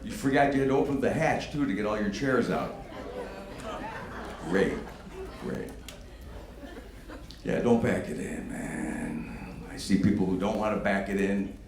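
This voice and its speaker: A man doing a stand-up routine, ranting with profanity, swinging between low mutters and near-shouts. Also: measured pace, creaky, long pauses, a faint crowd. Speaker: stand-up comedian. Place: comedy club stage with audience laughter. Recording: echoey live room with faint noise.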